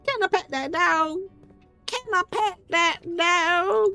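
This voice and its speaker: A game streamer putting on the voice of a little girl who politely asks to pet a dog, in a squeaky, sing-song, drawn-out way. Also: creaky, pushed and bright, faint music behind, exaggerated voice. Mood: pleading.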